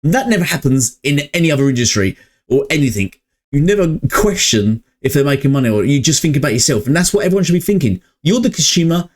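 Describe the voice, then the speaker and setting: A man's voice: fairly high pitch, big pitch swings, fast. A man running a casual gaming opinion vlog, rambling and hesitant with lots of fillers, recorded on a budget mic at home. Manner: rambling and hesitant, many fillers, chuckles between points. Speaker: gaming channel vlogger.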